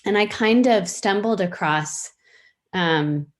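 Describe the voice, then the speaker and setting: Speaking in a mid-range voice, this storytelling practitioner in her fifties talks about her work as a podcast interview guest. She's casual and reflective, frequently pausing on fillers and starting sentences over.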